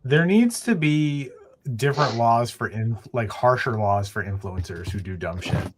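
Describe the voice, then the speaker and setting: A young man co-hosting a podcast, chatting casually with quick, dry quips. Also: mid-range voice, lively intonation, slight background noise. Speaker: podcast co-host. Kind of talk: casual chat.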